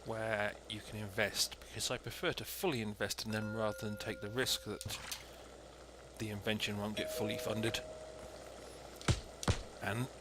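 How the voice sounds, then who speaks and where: A lower-pitched man talks his way through a cooking game, chatty and dry, explaining each step methodically. His home recording carries a steady layer of background noise. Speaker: let's play host. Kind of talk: gameplay commentary.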